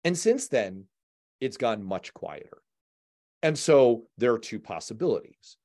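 A man's voice: mid-range voice, very animated, a little slow, a little mellow. A man hosting a casual political chat in a chatty, long-winded way. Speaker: podcast host.

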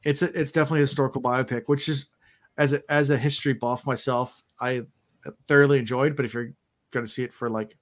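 A tired podcast host chats casually, his medium-pitched voice fairly even in intonation and quick in pace. He rambles through stories packed with fillers.

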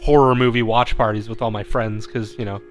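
A man's voice: on the low side, fairly even intonation, a little fast, faint music behind. Rambling, laughing podcast co-host man. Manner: rambling, filler-heavy, laughs often. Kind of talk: casual chat.

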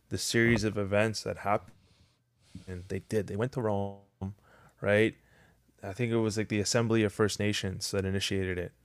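A man from Canada, a podcast guest, explains events calmly and often checks in with the listener. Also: on the low side, dry recording, clean studio sound. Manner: measured, explanatory, frequent "right?" tags. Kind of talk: podcast discussion.

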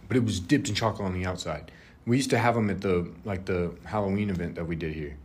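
A man's voice: low-pitched, fast. A young man co-hosting a casual chat, laid-back and rambling with frequent restarts. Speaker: co-host.

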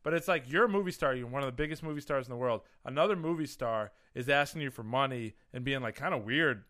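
A man's voice: mid-range voice, quick pace, a bit bright. A man on a casual podcast playing devil's advocate, swearing and acting out quoted lines. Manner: argumentative, profane, acts out quoted lines. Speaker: podcast co-host. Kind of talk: casual chat.

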